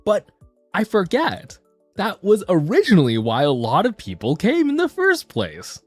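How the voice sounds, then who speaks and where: A man streaming as a VTuber, talking in a casual, rambling and animated way. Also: sits high, moderate pace, husky, no echo, soft background music. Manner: animated, rambling, self-deprecating.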